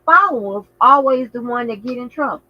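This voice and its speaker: A man hosting a casual livestream, talking in an animated, outspoken way with frequent swearing and exclamations. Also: very high voice, a little fast, lo-fi sound. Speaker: channel host.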